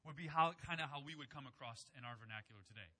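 A young adult man preaching a sermon in a conversational way, acting out quoted lines with sudden loud bursts. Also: medium pitch, quick pace. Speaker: pastor.

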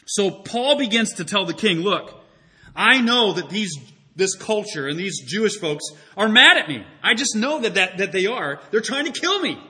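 Male pastor, high husky voice, animated sermon delivery. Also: normal speed. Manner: animated, acts out quoted voices.

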